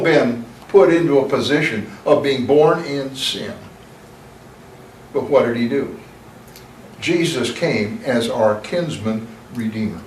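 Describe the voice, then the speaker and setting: A man teaching a Bible lesson in a church, reading scripture slowly and emphatically, then explaining it in a conversational way with asides. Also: mid-range voice, slight background noise. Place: church room. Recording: echoey room, mic at a distance.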